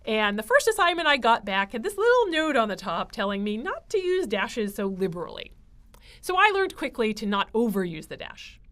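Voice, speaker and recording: Lively woman teaching writing. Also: fairly high pitch, normal speed. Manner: explains step by step with frequent ums and uhs. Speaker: writing instructor. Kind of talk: recorded grammar lecture.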